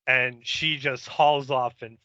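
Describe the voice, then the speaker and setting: A man's voice: mid-range voice, steady tone, takes it slowly, bright, forceful tone, no echo, lo-fi sound. A man co-hosting a podcast, recapping an episode in a meandering, hesitant way. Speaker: podcast co-host.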